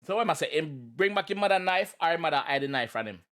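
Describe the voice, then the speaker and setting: A man with a Jamaican accent giving casual, animated reaction commentary, exclaiming and explaining lyrics. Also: fairly high pitch, fast talker. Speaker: reaction video host.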